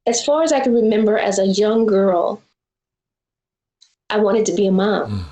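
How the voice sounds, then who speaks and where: A woman's voice: mid-range voice, expressive, measured pace, mellow, reverberant, low-quality recording. A woman in her forties, a filmmaker being interviewed, telling a personal story in an earnest, reflective way. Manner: earnest, reflective, acts out quoted dialogue. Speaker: guest filmmaker.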